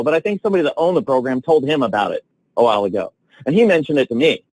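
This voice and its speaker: A man coaching salespeople on a training call, telling stories with excitement and lively swings in his voice. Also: a little high, fast talker, no room sound, poor audio. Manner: enthusiastic, animated storytelling with big swings.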